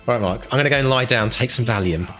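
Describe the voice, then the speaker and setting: Male podcast co-host, middle-aged, excitable, rallying the listeners. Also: medium pitch, quick pace, faint music behind. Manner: enthusiastic, gets louder and louder. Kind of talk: casual podcast chat.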